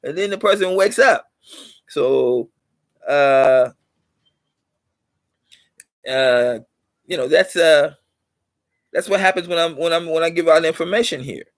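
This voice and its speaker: This middle-aged host of a channel talks slowly, with long pauses, in a voice that sits a little high for a man. His lecture to viewers is loose and rambling, circling back on itself and warming up to push points hard. The recording is dry and close, without room echo.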